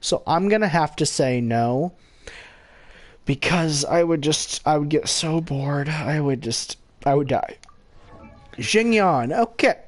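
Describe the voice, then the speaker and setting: A man's voice: on the high side, expressive, slow pace. A man hosting a gaming channel, giving rambling casual commentary with frequent self-corrections and giggly asides.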